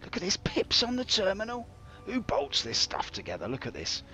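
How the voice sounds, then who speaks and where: A man streaming a game, telling theatrical, jokey stories with big swings in pitch. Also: huge pitch swings, moderate pace, sharp tone, slight background noise. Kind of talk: rambling live-stream commentary.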